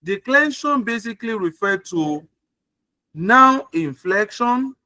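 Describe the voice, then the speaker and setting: A man's voice: sits high, animated, slow pace, bright, forceful tone, no room sound. A man teaching an online English grammar class on a video call, repeating points and asking if students follow. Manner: repeats points and checks understanding often. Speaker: English tutor.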